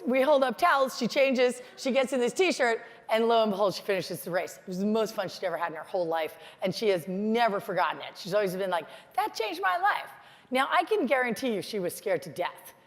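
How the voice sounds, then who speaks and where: A middle-aged American woman telling stories in a lively, chatty motivational conference talk. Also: medium pitch, fast talker, few pauses. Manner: storytelling, animated, chatty with many "like"s. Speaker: keynote speaker. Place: large conference hall. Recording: hall reverb from a stage mic.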